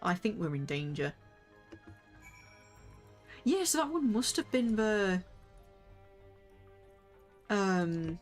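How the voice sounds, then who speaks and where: A young woman chatting casually on a game livestream, excitable and quick to gasp and squeal. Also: fairly low pitch. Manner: excitable, jumps into squeals and gasps. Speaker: streamer.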